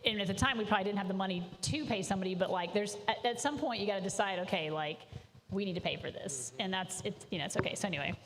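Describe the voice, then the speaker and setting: A woman founder talks quickly and reflectively about a hard lesson, in a casual chat. Her voice carries a long reverb with faint noise behind it. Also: medium pitch. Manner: reflective, shares lessons learned. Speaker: business founder.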